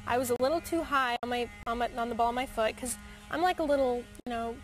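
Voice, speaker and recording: Young woman guest, higher voice, chatty. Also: fast talker, faint music behind, low-quality recording. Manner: animated storyteller, lots of filler likes. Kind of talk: casual chat.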